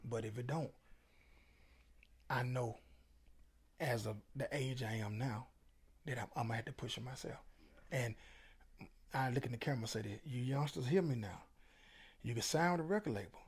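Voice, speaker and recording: A man's voice: medium pitch, normal speed, long pauses, slightly rough. A middle-aged man, a featured interview guest, telling stories in a casual, emphatic, preachy way. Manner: preachy, emphatic, Southern Black vernacular.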